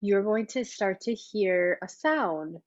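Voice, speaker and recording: A woman leading a long workshop, talking in a chatty, enthusiastic way with lots of fillers, her voice a little hoarse. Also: medium pitch, animated, takes it slowly, dry recording, lo-fi sound. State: slightly hoarse, losing her voice. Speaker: workshop leader. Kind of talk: teaching a live online workshop.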